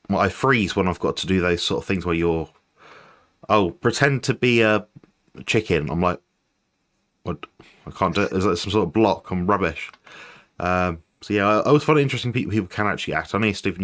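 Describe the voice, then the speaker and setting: Man, very low voice, rambling, hesitant, panel chat. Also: quick pace, fairly bright tone.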